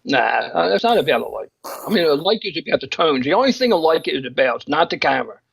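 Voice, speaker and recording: A man's voice: on the high side, sing-song, racing, vocal fry, slight background noise, poor audio. A man co-hosting a casual chat, talking emphatically and opinionatedly in bursts, with frequent restarts. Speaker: magazine co-host discussing photographers.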